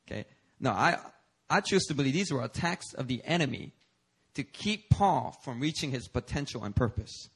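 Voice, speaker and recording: A man from Korea preaching a sermon as a pastor, lively and conversational, moving between loud emphatic lines and soft asides, sometimes laughing through personal stories. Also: mid-range voice, moderate pace, breathy edge.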